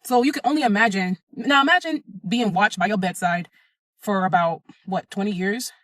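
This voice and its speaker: A woman's voice: medium pitch, moderate pace, fairly bright tone, dry recording. A young adult woman telling her own story in a blunt, emphatic, profane way. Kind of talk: casual first-person storytelling.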